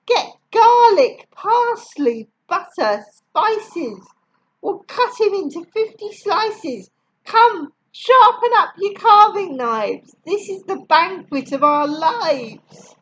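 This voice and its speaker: Woman putting on greedy shouting cooks. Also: extremely high pitch, animated, slow pace, lo-fi sound, a little hiss or hum, exaggerated voice.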